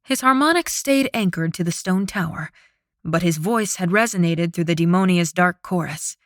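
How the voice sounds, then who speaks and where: A woman narrating an audiobook with a steady, dramatic reading, close to the microphone. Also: on the low side, moderate pace, no room sound. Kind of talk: scripted narration.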